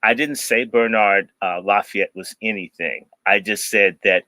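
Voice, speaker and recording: A man in casual talk, telling stories in an animated way and slipping into mocking voices. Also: on the low side, a little slow, no echo.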